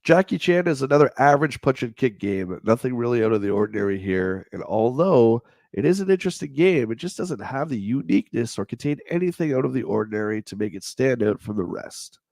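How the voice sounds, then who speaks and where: A man with a stuffed-up, nasal voice hosts a livestream, reading old magazine reviews aloud and then riffing on them in a rambling, jokey manner. His mid-range voice is creaky and a little mellow, animated and fairly fast with hardly any pauses, in studio-quality sound without room tone.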